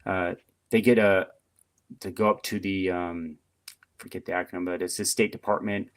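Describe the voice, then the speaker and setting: A middle-aged man with a fairly low voice tells stories from his service years as a podcast guest. His delivery is chatty and animated, loose with fillers. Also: normal speed. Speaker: podcast guest, retired Marine. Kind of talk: casual storytelling interview.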